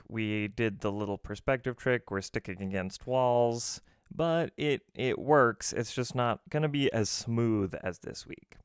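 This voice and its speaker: A man's voice: lowish voice, clean tone, dry recording, clean studio sound. A man hosting a casual, jokey screen-recorded game development tutorial, walking through each step with self-deprecating asides. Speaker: game dev tutorial host.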